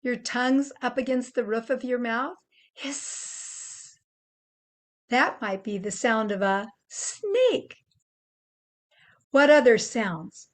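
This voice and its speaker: An older woman gently teaching children how to make animal sounds, explaining each step patiently. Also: on the high side, animated, slow pace. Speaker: children's presenter.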